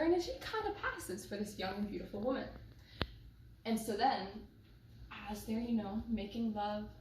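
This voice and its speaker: A woman telling a folktale aloud, unhurried and leaning on emphatic repetition. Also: mid-range voice. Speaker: storyteller. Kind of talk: oral folktale storytelling. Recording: echoey room, distant mic, noisy background.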